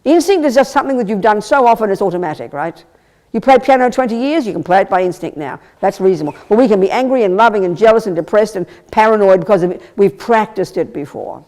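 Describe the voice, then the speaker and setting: Emphatic, animated woman teaching Buddhism. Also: mid-range voice, fast talker. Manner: animated, emphatic, with rhetorical questions and frequent stammered restarts; blunt, wry asides. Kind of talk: live Buddhist teaching talk. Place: teaching hall at a Buddhist centre.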